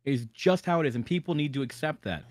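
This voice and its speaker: Brief: male podcast host, forceful ranter, curses freely, dry close sound. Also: on the high side, lively intonation, quick pace, no room sound. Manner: emphatic, heavy swearing, ranting. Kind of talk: casual podcast chat.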